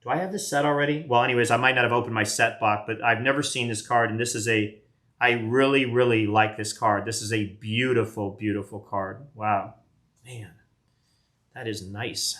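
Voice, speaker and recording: A man's voice: medium pitch, fairly even intonation, normal speed, a bit bright. A man in his late fifties, chatting casually as he opens trading card packs on a live stream, rambling and self-deprecating. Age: 50s. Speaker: card collector doing a live box break.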